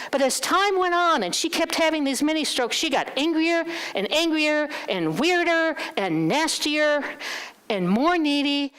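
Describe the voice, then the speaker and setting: A woman's voice: on the high side, smooth. A middle-aged woman speaking at a church, telling a candid personal story and acting out the dialogue. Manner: candid, animated, acts out dialogue.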